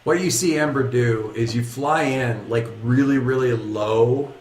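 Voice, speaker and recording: A man running a tabletop game as game master, narrating action in a lively, rambling way that keeps correcting itself. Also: medium pitch, a little slow, echoey room, slight background noise.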